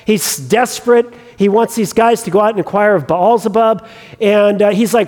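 A man preaching a sermon, retelling a scripture story in an animated way and acting out its characters. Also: high voice, moderate pace. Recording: long reverb of a large hall.

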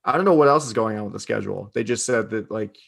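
A man co-hosting a casual podcast, laid-back and quick with dry asides. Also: on the low side, gravelly, fairly bright tone. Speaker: podcast co-host.

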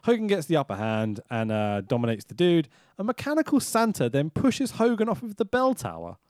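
A man's voice: on the high side, huge pitch swings, fairly quick, darkish tone, dry recording, studio quality. A man, co-hosting a podcast and recapping a movie in casual chat, sarcastic and swearing often. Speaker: podcast co-host.

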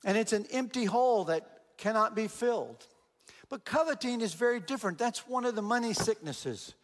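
A man's voice: high voice, normal speed, big-room sound. A man giving a sermon as a guest speaker, telling stories animatedly and acting out the quotes. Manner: animated storyteller, acts out quotes. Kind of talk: sermon storytelling.

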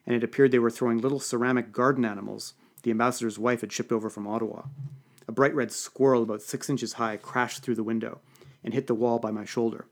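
A man reads a comic first-person story aloud for a podcast, keeping his delivery dry and deadpan. His pitch sits in an ordinary middle range. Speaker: audiobook podcast reader.

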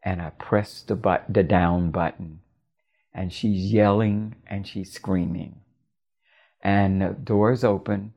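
Older woman from Florida, storyteller, halting intimate delivery. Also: extremely low pitch, steady tone, vocal fry, warm tone, muffled recording. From Florida, USA. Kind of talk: personal story narration.

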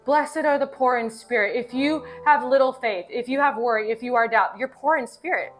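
A woman in her thirties gives a heartfelt sermon, her voice sitting a little high. She weaves personal stories into the message with an earnest, emotional delivery. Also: normal speed, faint music behind. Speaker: pastor.

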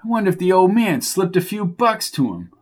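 A wisecracking sidekick talks with sarcastic, jumpy energy, as a male narrator puts him on. His voice sits a little higher than the storyteller's own. This audiobook figure is quick with a jab. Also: sing-song. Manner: sarcastic and jokey. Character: wisecracking excitable man, a race-betting sidekick.

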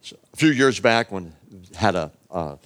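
A man's voice: deep voice, lively intonation, moderate pace, a bit bright. A man preaching a sermon, retelling a story in a casual, humorous way with many fillers.

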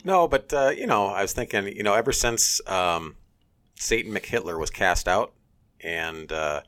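A very deep-voiced man co-hosts a podcast, delivering dry sarcasm in a flat, unhurried way. He hedges with frequent ums and halting restarts before landing the joke. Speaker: podcast co-host. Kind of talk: casual sarcastic banter.

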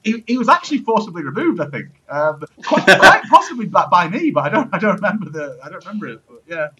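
A man's voice: sits high, sing-song, fast, highs cut off, heavy background noise. A young man chatting casually, rambling with many ums, restarts and swearing. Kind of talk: casual chat.

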